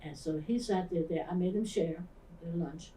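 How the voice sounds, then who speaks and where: A woman's voice: on the low side, moderate pace, a little hiss or hum. An older woman pastor from the Philadelphia area recounts memories in an interview, acting out the voices of the people in her stories. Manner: animated storyteller who acts out the voices of people in her story. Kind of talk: storytelling interview. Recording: roomy, distant mic.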